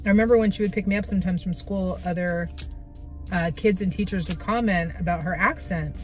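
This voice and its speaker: A woman's voice: lowish voice, fairly quick, soft background music. A woman chatting casually to her camera as a lifestyle vlogger, upbeat and rambling. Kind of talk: casual vlog chat to camera.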